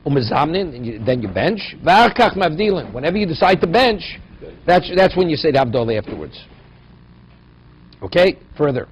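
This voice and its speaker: A man's voice: a little high, big pitch swings, normal speed. Man teaching Talmud. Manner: explains Aramaic phrases in English, asks "right?" often. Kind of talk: daily Talmud class. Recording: dull lo-fi recording with faint noise.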